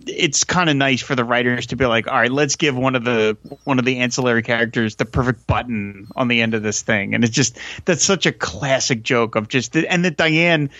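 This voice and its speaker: A man's voice: medium pitch, a little fast, few pauses, no room sound, dull audio. A man guesting on a podcast in casual chat, restarting phrases and acting out lines he quotes. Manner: thoughtful, stammering restarts, lively quoting.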